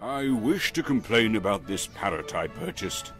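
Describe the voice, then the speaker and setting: Indignant British customer. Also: male voice, fairly low pitch, big pitch swings, moderate pace. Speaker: game character. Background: game music.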